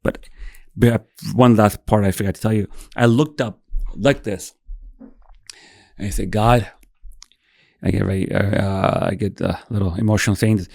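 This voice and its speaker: A man's voice: fairly low pitch, steady tone, a little slow, gravelly, long pauses, a little mellow, dry recording, clean studio sound. A man in his thirties, a podcast guest, telling an emotional story, acting out dialogue and swearing freely. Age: 30s.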